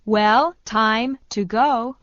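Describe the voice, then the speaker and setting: Very slow woman reading English phrases. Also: on the high side, no echo. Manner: slow, even repetition of each phrase. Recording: dull dry studio sound.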